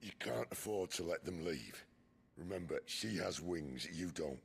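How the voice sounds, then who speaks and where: A gruff older mentor from a video game, his voice sitting very low and grinding with gravel. He swings his pitch widely and lands each line blunt and dry. He gives orders without softening them. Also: expressive, measured pace, full character voice. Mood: urgent.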